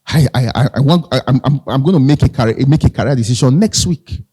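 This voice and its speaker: A man's voice: medium pitch, fast talker, dark tone, breathy edge. A man with a Nigerian accent giving a live motivational talk, conversational, repeating phrases and asking the audience questions. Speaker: motivational speaker.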